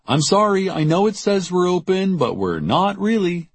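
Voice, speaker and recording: A woman's voice: lowish voice, lively intonation, moderate pace, breathy edge, no room sound, pitched above the performer's own voice. Man putting on an exasperated young shopkeeper woman. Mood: irritated. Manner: curt, exasperated, raising her voice. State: in pain and worn out. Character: weary, sharp-tongued young woman shopkeeper.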